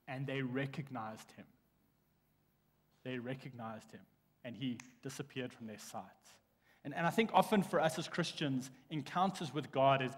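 Man preaching in a reverberant church. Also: fairly high pitch. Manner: animated storytelling with restarts. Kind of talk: sermon. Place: church sanctuary. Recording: long church hall reverb.

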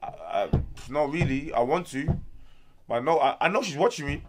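A young man from Congo, ranting loudly with profane slang as a guest in a casual interview. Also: a little high, animated, brisk.

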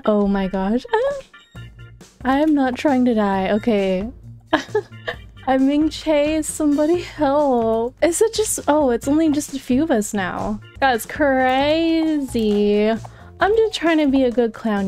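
A young woman hosting a gaming channel, giving excitable, giggly play-by-play commentary while keeping her voice down. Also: sits high. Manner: excitable, gasping and giggling, talking quietly. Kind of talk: casual gameplay commentary.

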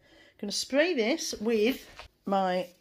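A woman's voice: medium pitch, lively intonation, slow, noisy background. A British woman chatting frankly to her phone camera at home as a vlogger, self-deprecating and casual. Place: at home, kitchen and bedroom.

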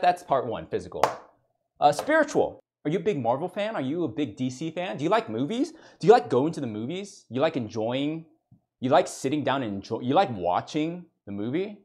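A man with a mid-range, slightly mellow voice delivers a comedic mock lecture in a mock-serious professor persona. He rants in exasperation and stammers over repeated words.

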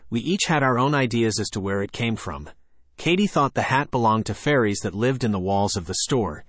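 A man narrating a children's chapter book in the first person, reading in a lively, conversational way. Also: on the low side, dry recording. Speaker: audiobook narrator.

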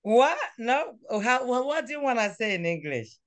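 A woman teaching a language class over a phone, patient and coaxing, repeating words slowly. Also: a little high, very animated.

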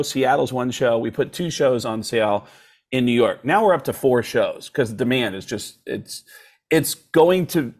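Animated man telling comic stories. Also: mid-range voice. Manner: animated storyteller who slips into voices. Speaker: comedian guest. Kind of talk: casual podcast storytelling.

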